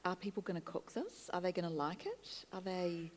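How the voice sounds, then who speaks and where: A woman's voice: on the low side, animated, normal speed, darkish tone, big-room sound. A woman interviewer asking friendly, encouraging questions.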